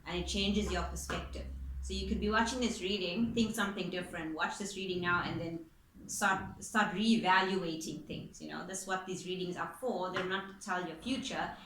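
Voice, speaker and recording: A woman's voice: fairly low pitch, steady tone, moderate pace, a bit bright, a little hiss or hum. A woman giving a casual spoken tarot reading as its reader, chatty and informal, with the odd swear word. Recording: echoey room with faint ambience.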